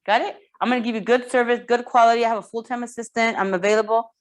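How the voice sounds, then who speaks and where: A woman coaching real estate agents in a lively training talk, often repeating herself and checking that the room follows. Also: on the high side, quick pace. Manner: energetic, repeats words, asks the room for checks.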